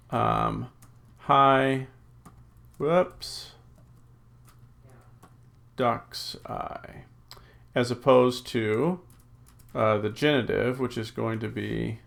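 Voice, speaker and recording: A gravelly, mid-range male voice leads a recorded Greek class, reading out rules and working slowly through word-form drills. He thinks aloud as he goes, with plenty of ums and uhs.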